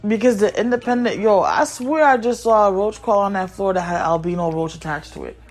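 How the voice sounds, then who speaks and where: Brisk and medium-pitched, this woman runs her own podcast from home while caring for her children. Her talk to viewers is casual, blunt and rambling, and she's easily sidetracked.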